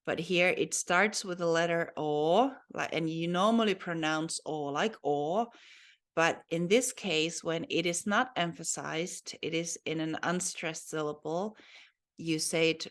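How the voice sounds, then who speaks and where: Slow, low-voiced woman teaching a language. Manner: patient, explanatory, with many fillers and restarts. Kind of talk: language lesson.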